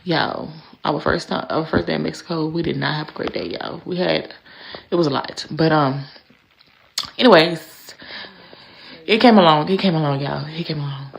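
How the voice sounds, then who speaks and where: A woman's voice: low voice, moderate pace, vocal fry, long pauses, slight background noise. A middle-aged woman chatting casually through a vlog voice-over, drawn out and rambling, dropping "y'all" and "anyways" often. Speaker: vlogger.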